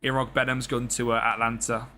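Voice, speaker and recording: A man's voice: mid-range voice, flat delivery, a little fast, sharp tone, slight background noise. A young man streaming a football management game, chatting casually with viewers and swearing freely. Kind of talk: live gameplay commentary.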